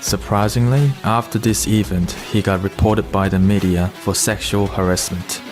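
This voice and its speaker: A man's voice: lowish voice, fairly even intonation, normal speed, over music. A man narrating a short video clip in a plain storytelling manner and asking viewers for their opinion.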